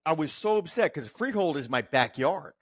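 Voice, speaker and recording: A man's voice: a little high, expressive, normal speed, no echo. A man in his fifties from New Jersey hosting a casual chat, reminiscing animatedly and laughing often. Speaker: podcast host.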